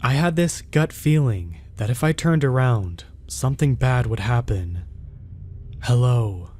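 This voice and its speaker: A man reading a scripted first-person horror story in a steady, measured way. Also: medium pitch.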